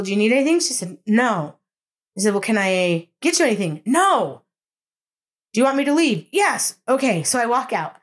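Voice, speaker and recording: A woman in her adult years reads scripture and tells a personal story, acting out the dialogue as she goes. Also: mid-range voice. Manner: animated storyteller who acts out dialogue. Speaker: podcast host.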